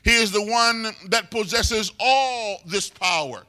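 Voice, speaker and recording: High, bright-voiced preacher man. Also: slow pace. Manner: preaching with rising, shouted crescendos. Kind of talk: sermon.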